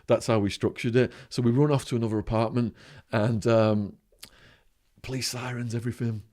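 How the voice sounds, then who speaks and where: English male guest, mid-pitched voice, animated anecdote teller who drops to hushed asides. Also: moderate pace. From England, Widnes. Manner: animated anecdotes with swearing and sudden quiet asides. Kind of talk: storytelling in conversation.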